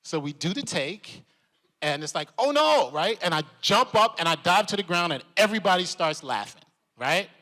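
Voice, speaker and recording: A man tells an on-set story to a convention crowd, his voice bright and a little high. He is animated and slips into other people's voices as he talks. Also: normal speed. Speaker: actor guest. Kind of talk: casual storytelling at a convention panel.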